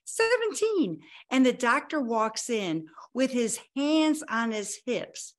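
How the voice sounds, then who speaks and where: A woman's voice: on the high side, slow pace. A woman in her sixties, a guest on an interview podcast, telling her own life story dramatically and acting out remembered dialogue. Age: 60s. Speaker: guest, health coach.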